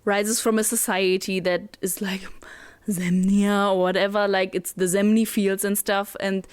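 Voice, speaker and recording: A woman's voice: medium pitch, level tone, a little slow, clear, resonant tone, no room sound. A German woman co-hosting a podcast, chatting with enthusiasm and many fillers. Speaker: podcast co-host. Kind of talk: casual chat.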